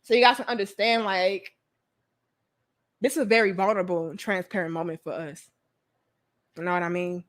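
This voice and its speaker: A woman's voice: mid-range voice, fairly even intonation, brisk, long pauses. A woman hosting a casual livestream chat, talking emphatically with slang and frequent swearing. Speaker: livestream host.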